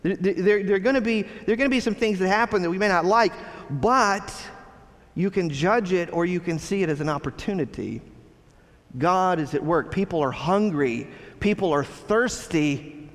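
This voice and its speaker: A man preaching a sermon, his voice pitched a little high for a man. He speaks earnestly, turning often to his congregation with rhetorical questions. The sound carries a long reverb from a large church hall. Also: moderate pace. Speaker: pastor.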